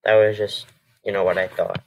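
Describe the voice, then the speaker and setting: A man's voice: low voice, flat delivery, brisk, creaky. A man casually commenting over a history video, hesitant and rambling, correcting himself often. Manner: hesitant, rambling with many fillers and self-corrections. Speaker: reaction video host.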